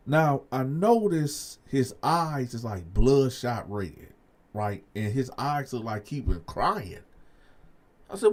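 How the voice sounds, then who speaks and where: A man hosting a storytime channel, talking straight to his viewers in an animated way, with frequent "y'all" and stammered restarts. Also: mid-range voice, unhurried. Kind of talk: casual storytime monologue.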